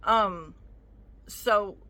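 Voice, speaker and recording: A woman vlogs a casual storytime rant with a bright, forceful edge to her voice. She retells an argument with indignation, acting out both sides. She rambles and breaks off to make side comments. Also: mid-range voice, very slow, no echo. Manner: indignant, animated retelling with acted-out quotes; rambling, stops mid-story to chat. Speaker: vlogger.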